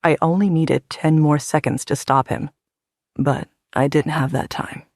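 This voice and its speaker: A woman narrator voicing a confident, protective young male werewolf alpha, speaking in a firm, steady, lowered voice. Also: a little slow, no echo, studio quality. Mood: earnest, firm.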